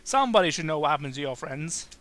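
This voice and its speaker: A man's voice: a little high, lively intonation, quick pace, a bit bright. A man voicing a kindly, courteous adult male caretaker in a game, speaking formally and reassuringly. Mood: explaining. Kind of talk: reading game dialogue aloud.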